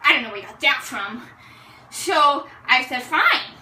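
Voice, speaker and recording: A young woman performing a comic character monologue in a theatrical, excitable way, with dramatic slow pauses. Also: sits high, background noise. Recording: roomy sound from a distant mic.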